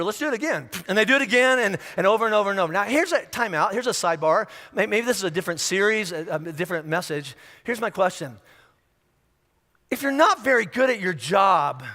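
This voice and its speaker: High bright-voiced pastor, joking sermon. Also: male voice. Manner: conversational and humorous, acting out little scenes. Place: large church hall. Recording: echoey church hall.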